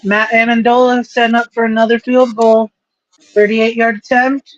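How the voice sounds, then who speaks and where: A woman's voice: fairly high pitch, flat delivery, normal speed, no room sound. A woman co-hosting a podcast, chatting casually and swearing freely as she calls out plays from a football game. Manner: profane, running play-by-play remarks. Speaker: podcast co-host. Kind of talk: casual chat while watching football. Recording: dry, dull lo-fi sound.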